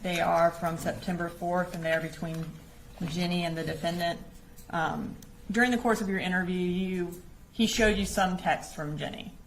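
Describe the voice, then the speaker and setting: A woman prosecutor with a lowish, gravelly voice questions a witness in a formal, methodical way. Faint courtroom hum sits under her voice. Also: steady tone, normal speed, rough recording.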